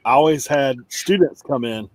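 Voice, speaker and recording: A man's voice: medium pitch, moderate pace, dry recording. Man telling a laid-back story. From United States. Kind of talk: casual chat, storytelling.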